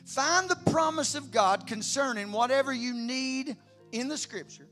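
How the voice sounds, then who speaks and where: A man, preaching a sermon emphatically, moving between loud declarations and quiet storytelling. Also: very high-pitched, measured pace, soft background music. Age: 50s. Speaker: pastor.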